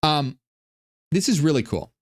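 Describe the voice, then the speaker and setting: A man giving casual, irreverent commentary on ancient texts, animated and full of stumbling restarts. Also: a little high, measured pace. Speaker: online religion commentator.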